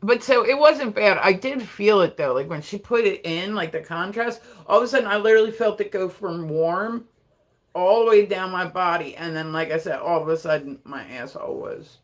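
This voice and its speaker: Talking loosely to viewers in live chat, a young adult streamer from Delaware fills the air with fillers and frequent laughter. Expressive and at a normal pace, the voice rests at a typical mid pitch with no unusual qualities.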